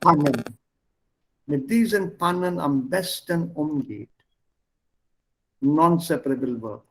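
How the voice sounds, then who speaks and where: A man's voice: fairly high pitch, slow pace. A man teaching an online language class over a video call, explaining words one at a time and switching between languages.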